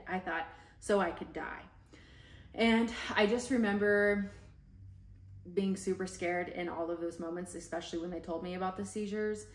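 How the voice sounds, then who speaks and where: A woman candidly telling a raw personal story on a podcast, talking casually and openly with lots of everyday fillers. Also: mid-range voice. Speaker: podcast host. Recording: echoey room.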